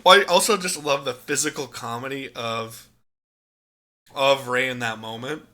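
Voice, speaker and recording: A man co-hosting a podcast, chatting casually about a movie, animated and laughing often, with plenty of swearing. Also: mid-range voice, moderate pace. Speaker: podcast co-host. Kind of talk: casual movie review chat.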